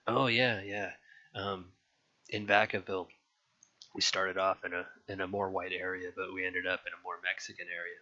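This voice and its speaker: A man's voice: deep voice, flat delivery, normal speed, sharp tone. A young man frankly recalling his childhood in a rambling, casual way, with many restarts and some swearing. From California. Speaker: interviewee. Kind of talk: casual personal recollection. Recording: dull lo-fi sound.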